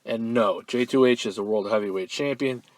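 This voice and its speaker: A man hosting a fan-mail podcast, chatting casually with plenty of ums and uhs. His voice sits in a middle register, recorded close and dry with no room sound. Now and then he gets loud and swears with excitement. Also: mid-range voice, normal speed, no room sound. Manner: relaxed and offhand, lots of ums and uhs, bursts into loud profane excitement.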